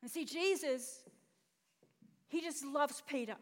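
High-voiced woman preaching. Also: slow pace. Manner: expressive storytelling, asks the congregation questions. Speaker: pastor. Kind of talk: sermon. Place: church auditorium. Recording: long reverb in a church hall.

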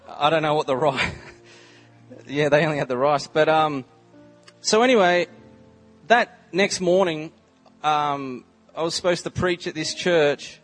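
Chatty young Australian preacher, higher voice. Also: male voice. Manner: chatty, humorous storytelling with many "like" and "um" fillers. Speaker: visiting preacher. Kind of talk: casual testimony in a sermon.

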